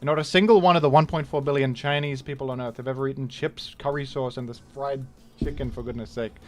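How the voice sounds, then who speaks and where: A man's voice: mid-range voice, steady tone, quick pace, soft background music. Joking man streaming a game. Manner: joking, rambling, exclaims loudly when surprised. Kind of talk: casual live-stream commentary.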